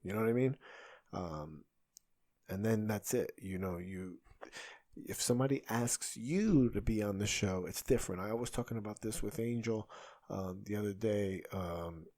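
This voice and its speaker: A man in his thirties with a somewhat low voice talks alone on his podcast. As a comedian and host, he rambles casually, breaking off and restarting his sentences. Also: moderate pace, a little mellow. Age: 30s. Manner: rambling, self-interrupting, conversational. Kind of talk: solo podcast monologue.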